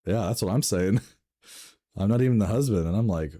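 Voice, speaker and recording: A man reading online stories aloud and reacting with laughs, swearing and sudden jumps in pitch. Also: lively intonation, moderate pace, dark tone. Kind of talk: casual reading and commentary.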